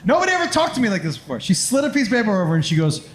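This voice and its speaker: Animated high-voiced stand-up comedian. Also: male voice, racing. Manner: animated, mimics voices and sound effects. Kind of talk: stand-up storytelling. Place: live comedy club.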